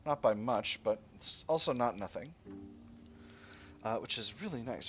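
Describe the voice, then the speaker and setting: A man talks through his strategy game moves in a relaxed, thinking-aloud way. His voice rises and falls in a lively way at a middle pitch, and background game music plays steadily under his words. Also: unhurried, pauses often. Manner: thinking aloud, with fillers and self-corrections. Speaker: let's play gamer. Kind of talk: casual strategy game commentary.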